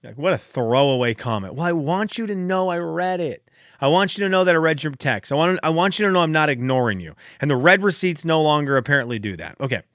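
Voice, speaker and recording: A man's voice: fairly high pitch, lively intonation, fast talker, fairly bright tone, no room sound, clean studio sound. A man hosting a solo podcast, chatting casually in a rambling, self-deprecating way, fired up late at night. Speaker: podcast host.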